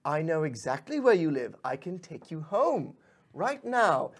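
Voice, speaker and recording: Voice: mid-range voice, big pitch swings, measured pace, a crowd in the background. A game master voicing a small, courteous pixie servant with a formal, deferential manner.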